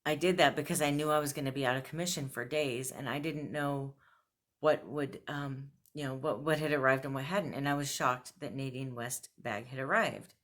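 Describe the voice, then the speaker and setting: A woman's voice: a bass voice, moderate pace, fairly bright tone. A woman vlogger venting to camera, blunt and frustrated, laughing between complaints. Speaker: fashion subscription box vlogger.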